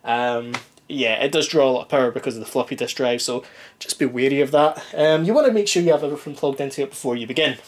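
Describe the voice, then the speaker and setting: A fast-talking retro gaming YouTuber with a medium-pitched voice demos a gadget hands-on. It's a rambling, self-deprecating walkthrough, slightly anxious and stuttering, littered with ums and restarts.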